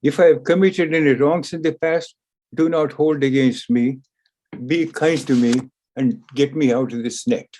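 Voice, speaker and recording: A man's voice: on the high side, steady tone, normal speed, darkish tone, natural voice. A man voicing a trapped male cat who pleads urgently with a mouse in a spoken story. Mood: impatient. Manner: urgent, coaxing.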